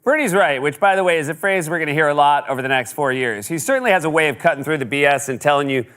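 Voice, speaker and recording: A man's voice: fairly high pitch, fast talker, a bit bright, clear, resonant tone. A man hosting a comedy show, delivering a scripted monologue with sarcastic, mock-exasperated jokes.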